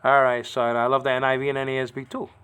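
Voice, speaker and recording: A man's voice: medium pitch, level tone, very fast, fairly bright tone, clean tone. A man giving an informal language lesson, repeating words to correct pronunciation and often checking understanding with "okay". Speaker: teacher.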